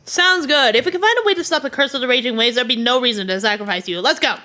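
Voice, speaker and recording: A woman's voice: a little high, fast talker, bright, forceful tone, voice pushed up. A woman voicing an earnest, protective young heroine while reading game dialogue aloud.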